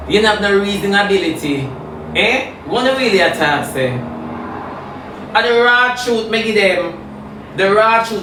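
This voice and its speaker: A Jamaican man delivers a combative, taunting rant and circles back to the same jabs over and over. His voice sits high for a man. The sound is roomy and distant, as if he stands well away from the mic. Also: a bit bright, a little hiss or hum. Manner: combative, taunting, repeats phrases. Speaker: social media personality. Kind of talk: heated live rant.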